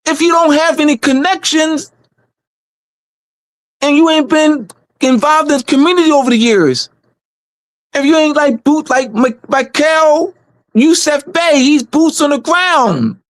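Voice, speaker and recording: A man's voice: extremely high pitch, a little slow, long pauses, a bit bright, no echo. A man speaking on a community livestream in a casual, emphatic way, repeating phrases for stress.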